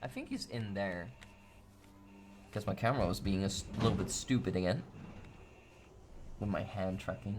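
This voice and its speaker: A man chatting casually on a live stream, playful and goofy, swinging between loud bursts and soft asides. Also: low-pitched, moderate pace, pauses often.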